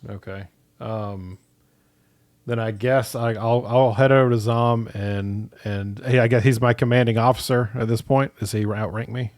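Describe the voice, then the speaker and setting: A man's voice: mid-range voice, fairly even intonation, normal speed, darkish tone. A man playing a tabletop role-playing game, talking in a hesitant way and thinking aloud. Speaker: player. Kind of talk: casual tabletop role-play.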